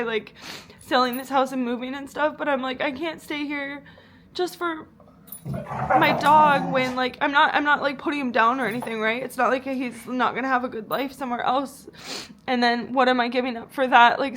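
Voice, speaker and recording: A woman's voice: sits high, fairly bright tone. A young woman vlogging about a painful breakup, tearful and rambling, with lots of fillers and swearing. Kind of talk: emotional personal vlog.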